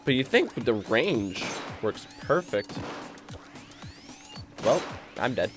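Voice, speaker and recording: A man commentating his own gameplay on a live stream, excitable and rambling, easily spooked by the game, with game music behind him. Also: medium pitch, takes it slowly. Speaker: gaming streamer.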